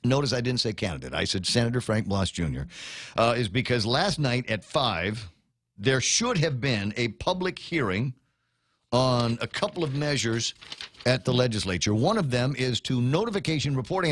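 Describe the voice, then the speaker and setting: Animated ranting male radio host. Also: mid-range voice, moderate pace, dry recording. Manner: animated, ranting, with many restarts. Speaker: radio talk show host. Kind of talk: casual talk radio rant.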